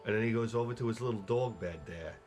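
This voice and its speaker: A man's voice: mid-range voice, quick pace, soft background music. A middle-aged man ranting in an exasperated, profane way while telling home stories over gameplay. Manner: profane, exasperated, animated ranting with mocking quoted voices. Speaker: gaming video host.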